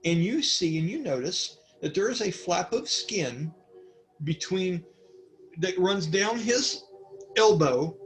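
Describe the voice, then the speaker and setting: Rambling male game master. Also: sits high. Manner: rambling, many fillers. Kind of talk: narrating a tabletop game.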